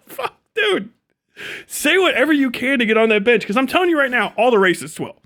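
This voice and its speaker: A man's voice: very high voice, sing-song, moderate pace, pauses often, a bit bright. A man livestreaming a profane, sarcastic rant, mocking and swearing at his viewers. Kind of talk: ranting livestream commentary.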